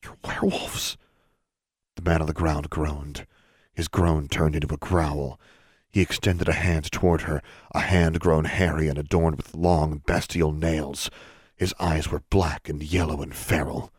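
A man narrating a fantasy audiobook podcast in a measured, even storytelling manner. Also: extremely low pitch, husky, no echo, studio quality.

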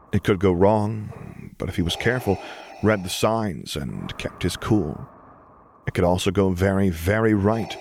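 A man narrating a fan fiction audiobook in a measured, expressive storytelling manner. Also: low voice, a little hiss or hum. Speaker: podfic reader.

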